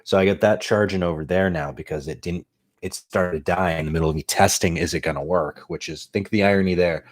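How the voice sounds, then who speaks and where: A man's voice: deep voice, a little fast. A man hosting his own podcast, rambling casually and swearing now and then as he talks into a desk microphone. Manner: rambling, profane, self-deprecating. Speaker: podcast host. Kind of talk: casual stream-of-consciousness talk. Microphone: desk USB mic on boom arm.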